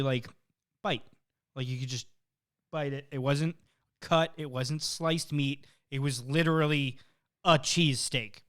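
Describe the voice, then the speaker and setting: A man co-hosting a casual podcast, telling a story with lively energy and frequent swearing. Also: mid-range voice. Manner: animated storyteller, swears often. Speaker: podcast co-host. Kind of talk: casual chat.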